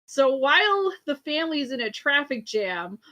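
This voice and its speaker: A woman's voice: sits high, sing-song, normal speed, bright, forceful tone. A woman casually recapping a cartoon episode, rambling with lots of fillers, correcting herself and giggling along the way.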